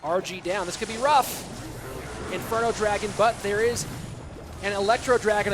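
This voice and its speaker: A man casting a video game tournament on a live stream, chatty and excitable, talking to his chat between matches. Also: high-pitched, moderate pace, pauses often. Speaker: esports caster. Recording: music bed behind voice.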